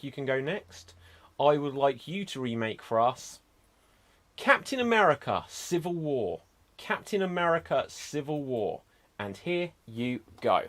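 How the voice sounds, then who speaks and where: A man hosting a live improv show over a video call, chatty and lively. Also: fairly high pitch.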